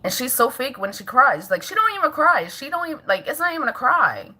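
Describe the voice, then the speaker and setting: A woman's voice: sits high, sing-song, fairly quick, pushed and bright, husky. A woman vlogging casually at home as a mother, chatting with viewers, laughing often and scolding her toddler in between.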